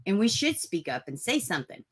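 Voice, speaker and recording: A woman with a mid-range, husky voice hosts a true crime livestream, speaking fairly quickly and with a lot of animation. She rants bluntly and profanely, mocking people in sarcastic put-on voices as she delivers her commentary.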